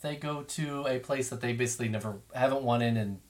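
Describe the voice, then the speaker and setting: A man co-hosting a podcast, chatting loosely and swearing while recapping episodes. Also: medium pitch. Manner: loose, profane, quick retelling of scenes. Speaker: podcast co-host. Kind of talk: casual podcast chat.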